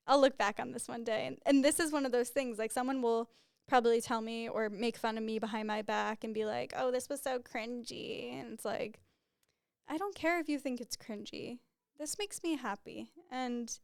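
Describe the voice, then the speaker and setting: A woman's voice: a little high, clear, resonant tone, no room sound, clean studio sound. A young woman hosting her own podcast, talking candidly and casually, full of "like" fillers. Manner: chatty and candid, with frequent "like" fillers and laughs. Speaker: podcast host. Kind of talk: casual solo podcast monologue.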